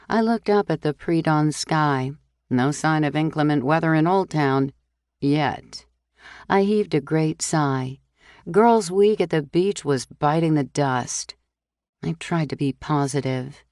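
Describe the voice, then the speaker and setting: A woman narrating a cozy mystery audiobook in a measured, unhurried way. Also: deep voice, a little mellow, dry recording, studio quality. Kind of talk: scripted narration.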